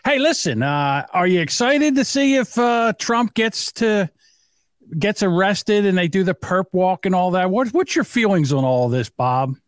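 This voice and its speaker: A man's voice: high voice, expressive, unhurried, clean tone, no room sound, clean studio sound. A man co-hosting a podcast in casual, teasing banter, rambling and laughing at his own jokes. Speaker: podcast co-host.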